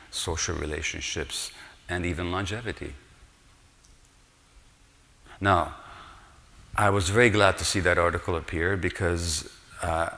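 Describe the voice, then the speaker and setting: Older male conference speaker, very deep voice with a bright edge, earnest and explanatory, long hall reverb. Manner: earnest, explanatory, asks the audience rhetorical questions. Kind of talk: conference lecture. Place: large hotel conference hall.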